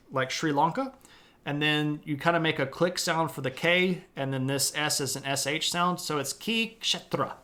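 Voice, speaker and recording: A man's voice: on the high side, bright, forceful tone. A man hosting a live-streamed history lecture from home, talking in a casual, chatty way with self-deprecating asides.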